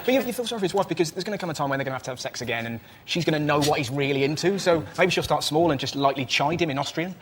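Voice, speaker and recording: A man's voice: on the high side, lively intonation, a bit bright. A man on a comedy panel jumping in eagerly with jokes. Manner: eager, rapid, jokey. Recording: noisy TV studio audio.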